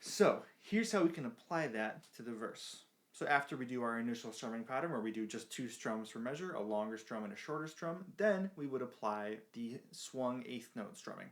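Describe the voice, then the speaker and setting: A man's voice: medium pitch, animated, a little fast, hardly any pauses. A man teaching a beginner ukulele lesson, explaining patiently and counting beats aloud while he strums. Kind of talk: music lesson. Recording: ukulele playing behind voice.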